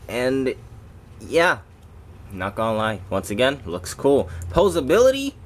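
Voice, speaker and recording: A man's voice: lowish voice, slow pace, a bit bright. A man doing a casual toy review, rambling and breaking off into jokey asides to his viewers.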